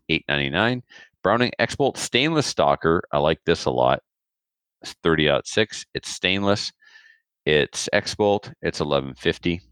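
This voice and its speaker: A man's voice: a bass voice, dry recording. A man co-hosting a podcast, casually reading out a list of firearm deals and prices. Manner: relaxed, rattles off prices and specs. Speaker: podcast co-host.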